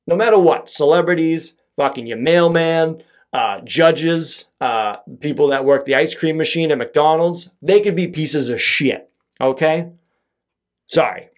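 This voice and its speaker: A young man talks alone into his podcast mic, rambling and swearing freely. His voice sits at an ordinary middle pitch, and he keeps undercutting himself with wry asides. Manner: rambling, profane, self-deprecating. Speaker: podcast host. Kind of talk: solo podcast monologue.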